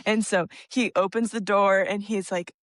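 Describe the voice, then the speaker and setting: A woman's voice: medium pitch, fairly even intonation, normal speed, dry recording, clean studio sound. A young woman co-hosting a podcast, telling a long family story in a chatty way and laughing often. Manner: chatty, laughs often, tells stories at length. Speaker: podcast co-host. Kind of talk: casual chat, storytelling.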